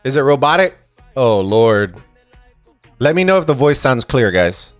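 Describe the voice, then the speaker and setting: An excitable man streaming and casting a strategy game tournament, reading his chat aloud and swearing casually. His voice sits at an ordinary middle pitch and sounds dry and close, with no room echo. Faint music plays underneath. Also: measured pace. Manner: excitable, swears freely, chatty with viewers.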